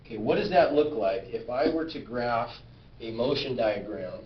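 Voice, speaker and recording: A man's voice: mid-range voice, lively intonation, normal speed, slight background noise. Guy teaching physics to a class, keeps asking questions, far off cam, echoey room, kinda muffled. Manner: questioning, checks understanding often. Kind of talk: classroom lecture. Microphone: camera at a distance. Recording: roomy, distant, dull camera sound.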